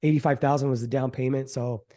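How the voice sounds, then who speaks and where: A middle-aged man, a real estate investor, telling the story of his first deal in a casual interview, animated and quick to act out what others said. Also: mid-range voice. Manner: animated storyteller, acts out quoted voices, fillers like "um" and "like".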